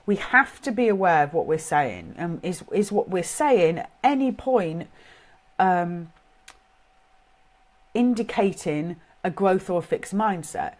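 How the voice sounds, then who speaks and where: Her voice sits at medium pitch and has a slightly mellow quality. A middle-aged parenting coach with a British accent, she talks earnestly and informally about raising children, thinking things through out loud.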